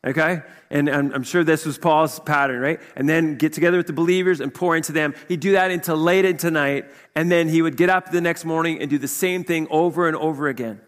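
A male pastor giving a conversational sermon, full of rhetorical questions and quick asides. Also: fairly high pitch, steady tone. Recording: long hall reverb.

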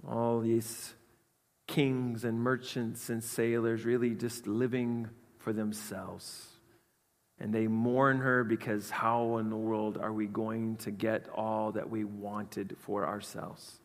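A man preaching a sermon with earnest emphasis, swinging between loud stresses and quiet asides. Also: lowish voice, flat delivery, slow pace. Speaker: pastor. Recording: long hall reverb.

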